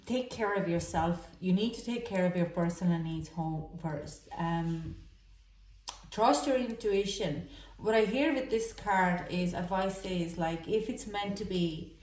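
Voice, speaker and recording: Halting, emotional woman reading tarot, echoey room. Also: lowish voice, darkish tone, recorded from a distance. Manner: halting, emotional, many fillers and restarts. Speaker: tarot reader. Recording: echoey room, voice a little off-mic.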